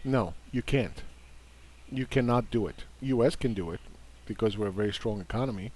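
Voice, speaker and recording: A man's voice: fairly low pitch, normal speed, darkish tone, husky. A man giving a combative, casual market commentary, dismissing opposing views and repeating words for emphasis. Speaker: investing commentator.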